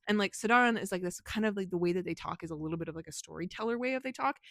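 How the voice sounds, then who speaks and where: A woman's voice: mid-range voice, fairly bright tone, no room sound. Chatty rambling woman author vlogging. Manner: rambling and chatty, heavy on "like", laughs often, swears freely. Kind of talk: casual vlog chat about her writing.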